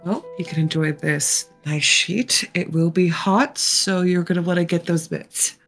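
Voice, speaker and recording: Low gravelly woman voicing a gentle player character. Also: fairly even intonation, measured pace. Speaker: tabletop role-play player. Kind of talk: in-character role-play dialogue. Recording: faint music behind.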